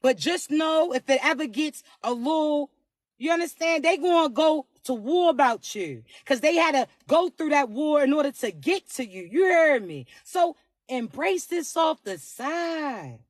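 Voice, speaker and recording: A woman with a raspy voice giving a casual spiritual reading to camera, slangy and emphatic, often asking "you heard me". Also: sits high, expressive, measured pace, dry recording, clean studio sound. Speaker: spiritual card reader.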